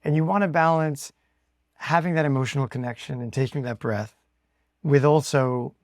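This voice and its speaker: A man's voice: mid-range voice, moderate pace, no echo, clean studio sound. A man co-hosting a podcast interview, asking probing questions and thinking aloud as he goes. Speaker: podcast co-host.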